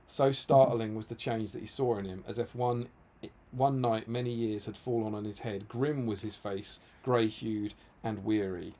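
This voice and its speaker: A man's voice: lowish voice, normal speed. Chatty guy reading book quotes. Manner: lively storyteller who reads quotes aloud and adds jokey paraphrases. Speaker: co-host of a tabletop wargaming stream. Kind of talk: casual chat.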